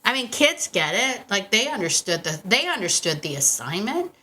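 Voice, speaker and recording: A bright, forward-sounding woman hosting a casual podcast monologue into a stand mic in her home podcast room. She talks in an animated, chatty way and keeps breaking off into asides. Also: medium pitch, moderate pace. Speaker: podcast host and dog trainer. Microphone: podcast microphone on a stand.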